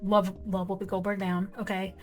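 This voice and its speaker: A woman hosting a casual movie review, talking in an animated, emphatic way with lots of asides. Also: medium pitch, moderate pace, faint music behind. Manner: animated, emphatic, repeats "okay?" and "whatever". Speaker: film reviewer, host.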